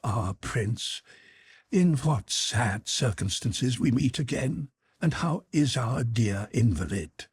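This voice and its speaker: A man voicing an anxious middle-aged noblewoman, speaking gently and imploringly, slow and pointed. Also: mid-range voice, expressive, slightly rough, no echo, studio quality, voice pushed up, exaggerated voice. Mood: mournful, imploring.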